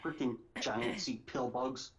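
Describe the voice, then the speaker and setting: A man's voice: medium pitch, slow, a bit bright. A man chatting on a casual podcast, trading crude, joking banter. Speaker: podcast guest. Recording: dull lo-fi audio.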